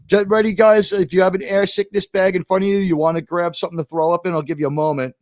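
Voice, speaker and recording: High-voiced male host, dry close mic, sarcastic and profane livestream commentary. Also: fairly quick, dry recording. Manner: animated, sarcastic ranting with swearing. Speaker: show host. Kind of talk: livestream watch-party commentary.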